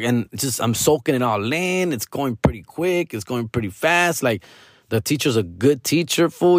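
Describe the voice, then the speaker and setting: A young man with a Chicano accent, switching into Mexican Spanish slang as he vlogs to viewers, profane and animated. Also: mid-range voice, dry recording, studio quality. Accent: Chicano, English mixed with Mexican Spanish slang. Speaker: vlogger taking acting classes. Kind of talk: casual monologue to viewers. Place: small dim room with a lamp.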